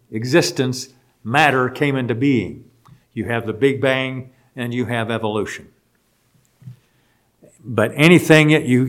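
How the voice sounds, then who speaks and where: A man giving a Bible study lecture at an unhurried, measured pace, in a voice of ordinary middle pitch. He spells out Greek words letter by letter and leans on key phrases, then lets the ends of his sentences fall away softly. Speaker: Bible teacher.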